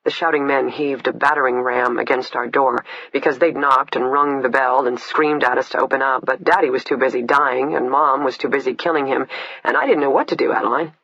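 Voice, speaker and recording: A man reading the part of a blunt, swearing woman killer, the narrator's imprisoned older sister, in a husky voice. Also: medium pitch, fairly even intonation, a little fast, pushed and bright, dry recording. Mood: confessing. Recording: dull lo-fi, dry.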